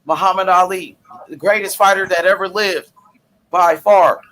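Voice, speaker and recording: A man's voice: sits high, fairly even intonation, normal speed, fairly bright tone. A man hosting a casual boxing chat, enthusiastic and leaning on "you know". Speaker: boxing channel host.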